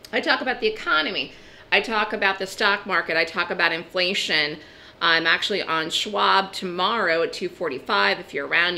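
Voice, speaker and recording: A woman giving a trading webinar over a video call, her voice crackly and half gone, brisk and asking questions she answers herself. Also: on the low side, pushed and bright. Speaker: trading educator and market commentator. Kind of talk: webinar lecture.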